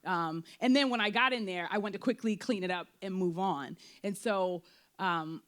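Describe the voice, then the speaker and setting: A woman speaking candidly at a post-show talkback about her play, full of fillers and quick acted-out bits of her own thoughts. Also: medium pitch. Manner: animated, frequent fillers, acts out quoted thoughts. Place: theater before an audience.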